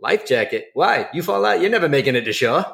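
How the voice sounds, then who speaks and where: A man voicing a white-haired sixty-year-old boat captain who talks in a deadpan way. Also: fairly high pitch, fast, creaky, voice pushed up, full character voice. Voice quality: laconic, deadpan.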